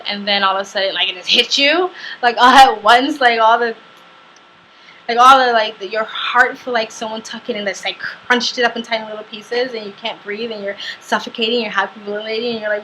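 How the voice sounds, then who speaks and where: Young woman vlogging, bright voice, talks in fits and starts with lots of "like". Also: a little high, steady tone, a little hiss or hum, poor audio. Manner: halting, full of "like" and restarts. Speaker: travel vlogger. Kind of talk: casual personal storytelling.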